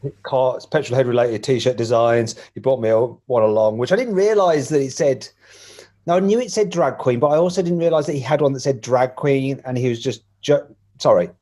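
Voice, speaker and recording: A man's voice: mid-range voice, a little fast, mellow. A man with a Black Country accent chats as a podcast guest. He talks in a jokey, self-deprecating way and laughs often. His stories ramble along loosely. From England, Walsall. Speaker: guest, motoring journalist. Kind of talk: casual interview chat.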